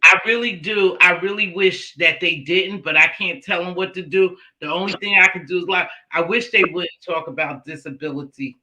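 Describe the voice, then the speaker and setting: Woman livestream host, bright voice, animated casual chat, loud excited bursts. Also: fairly low pitch, normal speed, few pauses, low-quality recording. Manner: animated, shouting and laughing when excited.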